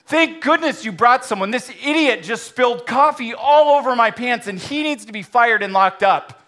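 A man voicing an indignant young man who yells in outrage. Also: very high-pitched, expressive, normal speed, voice pushed up, exaggerated voice. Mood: furious. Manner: shouting, indignant. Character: angry shouting young man.

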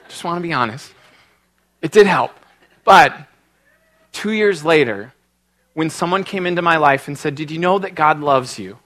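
Bright, animated male pastor preaching. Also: a little high, normal speed, long pauses. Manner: animated storytelling, emotional, earnest. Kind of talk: sermon with personal story and prayer.

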